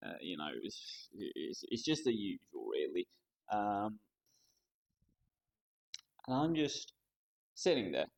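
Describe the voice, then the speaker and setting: A young man streaming live, chatting casually in a rambling, halting way, often restarting sentences. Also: fairly low pitch, sing-song, creaky. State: overheated.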